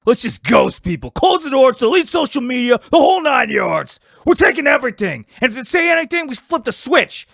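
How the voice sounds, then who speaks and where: A man voicing a brash, scheming watch business partner in a comedy skit, talking loudly and cursing. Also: high-pitched, animated, brisk, gravelly, no room sound, studio quality, voice pushed up, exaggerated voice. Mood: excited. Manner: loud, swaggering, cursing.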